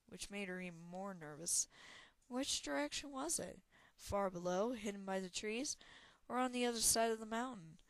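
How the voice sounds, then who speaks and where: Woman reading a fantasy book out loud, expressive, dry close mic. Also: mid-range voice, no room sound. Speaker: narrator. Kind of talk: audiobook reading.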